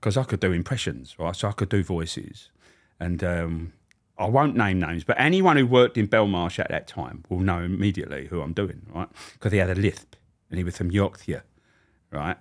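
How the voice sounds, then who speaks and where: A man's voice: deep voice, expressive, normal speed. A middle-aged man, a former prison officer, telling anecdotes as a podcast guest, swearing freely and acting out the people he quotes. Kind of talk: anecdotal storytelling.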